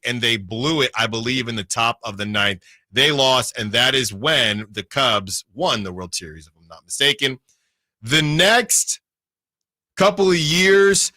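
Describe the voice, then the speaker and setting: A sports radio host, male, reads team records in a casual way while checking his own facts. His medium-pitched voice is bright and forceful, captured in clean studio sound with no room noise.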